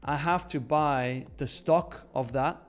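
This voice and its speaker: A man's voice: on the high side, slow, faint music behind. A young man hosting a live trading stream in casual chat, reading viewer questions aloud and answering them. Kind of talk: casual live market commentary.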